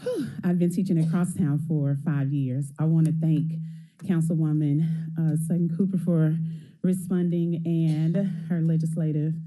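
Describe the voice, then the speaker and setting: A woman in her forties, a teacher introducing her class at a council meeting, lively and a little out of breath, laughing now and then. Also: low voice, measured pace. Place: council chamber.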